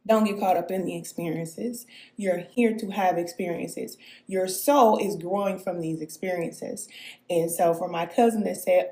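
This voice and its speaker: A woman's voice: on the low side, moderate pace, mellow, reverberant. A woman giving a live-streamed spiritual talk as a spirit guide, answering viewer comments, emphatic and preachy, often checking in with "okay?" and chuckling. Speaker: self-described spirit guide.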